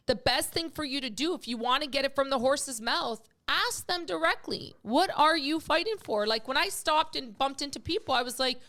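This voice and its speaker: A woman's voice: high-pitched, sharp tone. A middle-aged woman hosting a podcast, talking in an emotional, rambling way full of fillers. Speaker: podcast host. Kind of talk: casual podcast chat.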